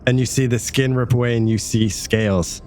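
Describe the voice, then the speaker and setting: A man's voice: mid-range voice, steady tone, fairly quick, music in the background. A man narrating a tabletop game as game master, casual and vivid. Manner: casual, vivid, laughing often.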